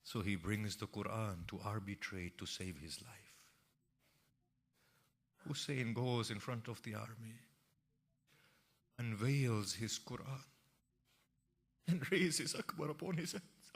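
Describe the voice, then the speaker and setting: A man narrating an emotional religious story in a sermon, moving from hushed tones to impassioned cries. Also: lowish voice, slow pace, pauses often, slightly rough. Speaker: preacher.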